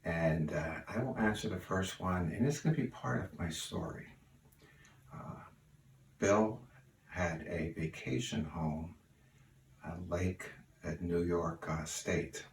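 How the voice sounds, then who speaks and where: An older man sharing memories of his cousin in an unhurried, folksy way with plenty of fillers, recorded at home. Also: low voice. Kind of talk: spoken remembrance. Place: room at home. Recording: roomy, distant mic, faint hiss.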